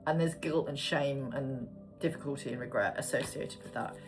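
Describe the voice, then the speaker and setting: Low-pitched woman, tarot reading, chatty and casual, soft music underneath. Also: moderate pace. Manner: chatty, swears casually, murmurs card names. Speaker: tarot reader.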